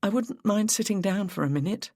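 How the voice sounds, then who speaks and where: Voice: medium pitch, a little fast, darkish tone, no room sound, clean studio sound, voice pushed up, natural voice. A narrator voicing a shaken woman detective. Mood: shaken, tired.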